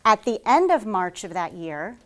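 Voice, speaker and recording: Woman, HR consultant, conference talk, rapid pace, lively storytelling, live audience. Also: medium pitch. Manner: fast-paced, says she talks like an auctioneer; lively storytelling with frequent "um" fillers. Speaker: HR consultant giving a presentation.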